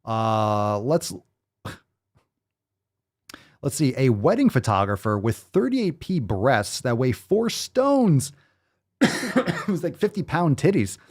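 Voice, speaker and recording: Animated, profane American man hosting. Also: mid-range voice, takes it slowly. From United States. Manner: profane, animated, riffing on news stories. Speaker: host. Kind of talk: casual commentary.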